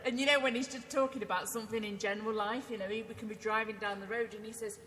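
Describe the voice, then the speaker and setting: Teasing British woman, bright voice. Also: on the high side, steady tone, fast, in a large hall, slight background noise, rough recording. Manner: teasing, laughs often. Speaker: co-host. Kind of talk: casual chat.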